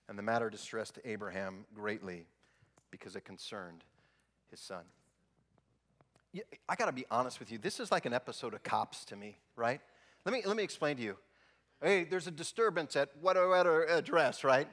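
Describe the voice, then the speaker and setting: A man's voice: mid-range voice, lively intonation, moderate pace, a bit bright. A man preaching a sermon as pastor, telling stories with jokes in a conversational way. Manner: humorous, conversational storytelling. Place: church sanctuary. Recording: long reverb in a church hall.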